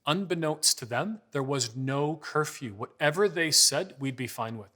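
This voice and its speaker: A man in his forties with a bright, forceful, fairly high voice gives a talk with slides. He tells conversational stories and acts out the dialogue in them. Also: animated, normal speed. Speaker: parenting speaker. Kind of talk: presentation with slides.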